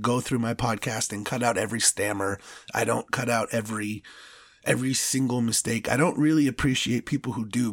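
A man's voice: medium pitch, a bit bright, slightly rough, dry recording, clean studio sound. A man hosting a solo podcast, ranting with passion and stammering into restarts when he gets worked up. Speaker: podcast host. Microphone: studio podcast mic.

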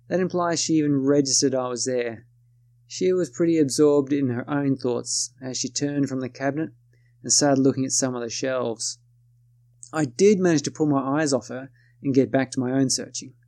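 Gravelly man telling a story. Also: mid-range voice, a little mellow, no room sound. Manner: casual, self-correcting, wry. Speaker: narrator. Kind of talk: first-person storytelling podcast.

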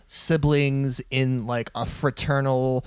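A man's voice: medium pitch, steady tone, slow pace, smooth, no echo, clean studio sound. A man co-hosting a casual podcast chat, cracking crude jokes playfully. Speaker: podcast co-host.

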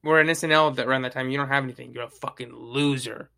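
A man's voice: mid-range voice, fairly even intonation, fast, vocal fry, bright, forceful tone. A young man co-hosting a podcast in casual chat, rambling and agreeable with many fillers. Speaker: podcast co-host.

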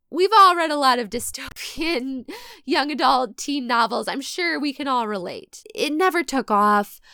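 Midwestern woman, podcast host. Chatty and bright, laughs often, smooth clear voice, dry close sound. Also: a little high, no room sound. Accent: Midwestern American. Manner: chatty, laughs often, asides and self-corrections. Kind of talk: casual podcast narration.

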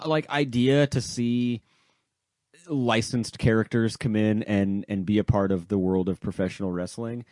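A man co-hosting a casual wrestling podcast, animated and loose, swearing and trailing off into asides. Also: on the low side, measured pace, no echo, clean studio sound. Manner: animated, swearing, jumps between loud and mumbled asides. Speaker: podcast co-host.

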